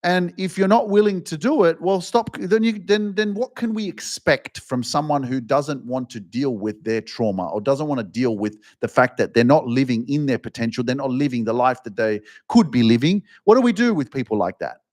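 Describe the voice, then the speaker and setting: A man hosting a self-help podcast, delivering a blunt motivational monologue full of swearing that often climbs into an impassioned, higher-pitched rant. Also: animated, normal speed, hardly any pauses, a little mellow.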